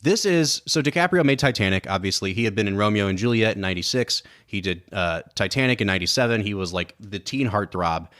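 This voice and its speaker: A man's voice: fairly low pitch, expressive, fast, hardly any pauses, a bit bright. A man co-hosting a film podcast, talking through movie scenes with analytical enthusiasm in casual chat. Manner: enthusiastic, analytical, quotes scenes in put-on voices. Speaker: podcast co-host.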